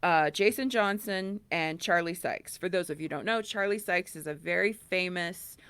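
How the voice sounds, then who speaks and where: A woman's voice: fairly low pitch, moderate pace, fairly bright tone, smooth, dry recording. A woman co-hosting a casual political chat podcast, telling stories animatedly and acting out quoted dialogue. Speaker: podcast co-host.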